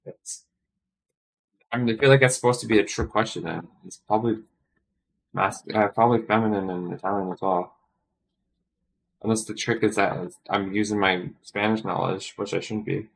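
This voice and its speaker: Gravelly low-voiced man muttering while studying. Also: fairly even intonation, normal speed, long pauses, slight background noise. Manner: muttering to himself, self-correcting. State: tired and yawning. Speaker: streamer studying a language. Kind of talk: casual think-aloud study stream.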